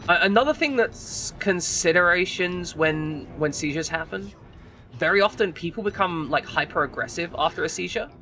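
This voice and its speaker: Man, game streamer, casual rambling chat, high-pitched, bright tone. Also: lively intonation, moderate pace. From United Kingdom. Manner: rambling, swearing, frequent restarts. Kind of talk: casual chat while gaming.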